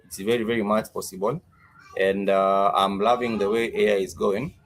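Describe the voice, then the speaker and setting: A man teaching Swahili words in a live-streamed lesson, slowly repeating each word and its meaning, with many fillers. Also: fairly low pitch, flat delivery, slight background noise.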